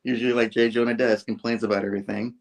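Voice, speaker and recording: A man's voice: medium pitch, little pitch movement, rapid-fire. A man casually recapping a comic book story on his show, slipping into raised voices for the characters' lines.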